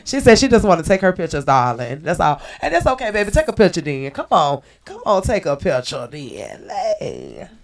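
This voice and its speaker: A woman hosting a podcast interview in a lively, joking way, teasing and calling out to people around the room. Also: low voice, normal speed, creaky, few pauses. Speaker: podcast host. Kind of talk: lively casual interview banter.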